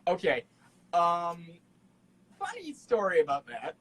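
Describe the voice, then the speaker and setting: A man's voice: high voice, slow, breathy edge, rough recording. Outgoing, laughing young man. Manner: outgoing, animated, laughs often. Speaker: guest artist. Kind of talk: casual podcast chat.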